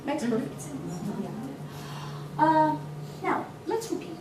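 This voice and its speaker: A woman training teachers in a workshop lecture, lively and constantly quizzing her audience with quick questions. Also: high voice. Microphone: distant mic. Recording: echoey hall from far off, noisy.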